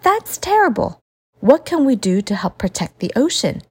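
Earnest, polite child hero, voiced by a woman: high and lively, with a husky edge. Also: normal speed, exaggerated voice. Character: polite thoughtful young child character. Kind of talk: storybook character voice.

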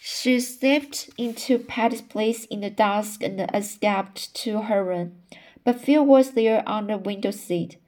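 A woman's voice: medium pitch, darkish tone. A woman reading a novel aloud, often stumbling over words and starting phrases again. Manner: reads slowly with frequent stumbles and restarts. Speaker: narrator.

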